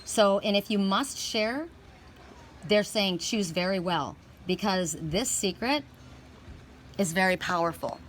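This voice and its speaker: Animated woman giving a card reading. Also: mid-range voice, slow, a little hiss or hum. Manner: animated storytelling, frequent restarts. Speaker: oracle card reader. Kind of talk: casual spiritual card reading. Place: outdoors by water, California.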